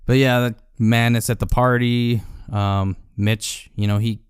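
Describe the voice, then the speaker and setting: A man's voice: medium pitch, little pitch movement, measured pace, smooth, no echo, clean studio sound. A man co-hosting a podcast, casually recapping a comedy film and chiming in to finish his partner's lines. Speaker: podcast co-host. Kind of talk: casual movie recap chat.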